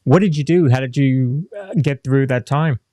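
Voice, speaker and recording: A man's voice: mid-range voice, normal speed, warm tone, dry recording. A man co-hosting a podcast, asking the guest interview questions.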